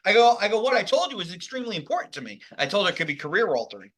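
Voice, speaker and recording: A man's voice: sits high, sing-song, very fast, fairly bright tone. A man in casual chat, animatedly retelling a text exchange and acting out both sides. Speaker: co-host. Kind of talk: casual chat, reading out chat messages.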